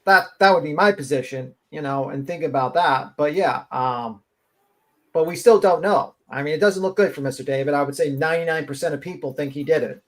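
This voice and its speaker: A man's voice: fairly high pitch, a little fast, a bit bright. A man giving blunt, profane, rambling commentary as a guest on a live-stream panel.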